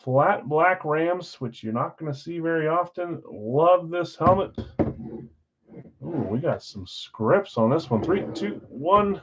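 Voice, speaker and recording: A man hosting a live-streamed card break, chatting with viewers and calling out countdowns in an energetic, auctioneer-like way. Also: on the high side, dull audio, noisy background. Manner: auctioneer-like rapid calls.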